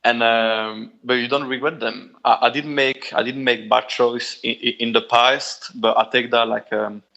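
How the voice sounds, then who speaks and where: A Belgian man with a French accent, a guitarist chatting in an interview, halting and repeating words, laughing often. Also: medium pitch, fairly even intonation, gravelly, sharp tone, muffled recording. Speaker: guitarist guest. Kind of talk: casual interview chat.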